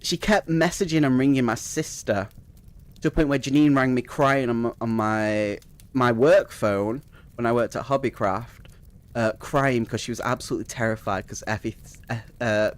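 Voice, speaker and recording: A man's voice: mid-range voice, moderate pace. A young man casually telling a rambling personal story, swearing freely and laughing at it as he goes. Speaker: streamer.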